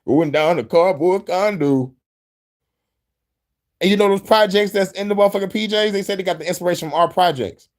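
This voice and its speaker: A man's voice: animated, fairly quick, a little mellow. A man hosting a show, giving casual, profane commentary on clips. He rambles and laughs often. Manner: rambling, laughs often, jumps into squeaky bits. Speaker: host reacting to clips.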